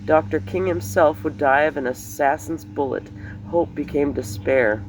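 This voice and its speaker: A man's voice: a little high, a little slow, slight background noise, poor audio. A man reading a book aloud in a raw, unedited take, sometimes stumbling and correcting himself. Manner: plain, unpolished reading with occasional stumbles and self-corrections. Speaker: reader.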